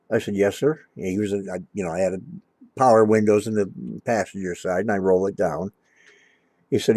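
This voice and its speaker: Middle-aged guy rambling through an old story, lowish dark voice, dry close sound. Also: moderate pace, dry recording. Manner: rambling, restarts often, acts out quoted lines. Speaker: storyteller recalling his cab-driving days. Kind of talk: casual storytelling.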